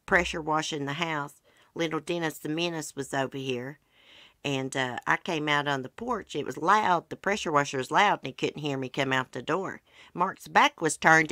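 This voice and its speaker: A middle-aged woman hosts her channel, chatting and telling folksy stories. Her voice sits low and comes across pushed and bright. The sound is clean studio audio with no room echo.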